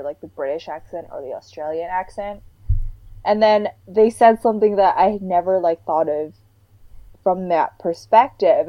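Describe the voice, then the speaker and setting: A woman's voice: lowish voice, no echo, lo-fi sound. A young woman co-hosting a casual chat with friends, telling stories in a rambling way with lots of filler words. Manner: rambling storyteller with many "like" fillers.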